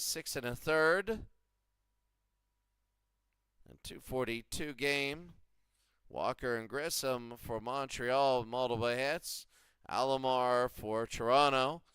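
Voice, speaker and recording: A man's voice: medium pitch, takes it slowly, fairly bright tone, clean tone, dry recording. A man doing casual play-by-play and recaps of a simulated baseball league, rambling and repeating himself as he goes. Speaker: video game commentator.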